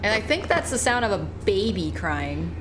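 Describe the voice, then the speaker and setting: A woman's voice: mid-range voice, sing-song, moderate pace, very noisy. A woman streamer giving live gameplay commentary, exclamatory and swearing, talking back at the game.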